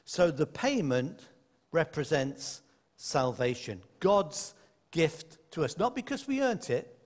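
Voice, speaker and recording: A man preaching a sermon to a congregation, lively and conversational, with playful asides. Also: a little high, slow. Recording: echoey hall.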